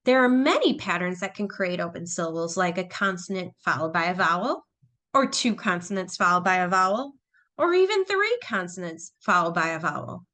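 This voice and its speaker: A woman's voice: lowish voice, big pitch swings, moderate pace, bright, forceful tone. A woman teacher explaining phonics patiently, step by step. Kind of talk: phonics lesson narration.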